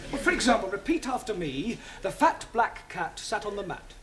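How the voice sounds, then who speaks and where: An actor playing a patient but exasperated English teacher in a 1970s studio sitcom. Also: male voice, very high-pitched, very animated, fairly quick, pushed and bright, a little hiss or hum, heavily acted. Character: flustered young English teacher, adult man.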